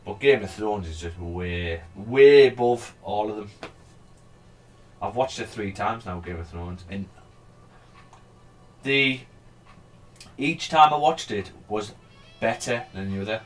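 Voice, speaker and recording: A man's voice: fairly low pitch, takes it slowly, pauses often, faint music behind. A man giving casual, rambling commentary on a live trading stream. He chats freely, swears now and then, and urges the price on as he goes. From England.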